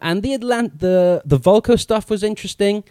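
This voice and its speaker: A man with a slightly raised pitch talking through a film in a casual review chat, enthusiastic and often breaking into laughter. His voice sits close and dry, with no room sound around it. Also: lively intonation, moderate pace, mellow, clean tone, no echo. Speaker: podcast co-host.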